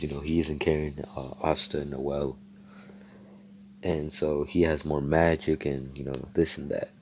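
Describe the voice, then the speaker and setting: Low-voiced rambling young man. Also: warm tone. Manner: rambling, slangy, swearing, many fillers. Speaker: storyteller. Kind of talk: improvised fan fiction storytelling.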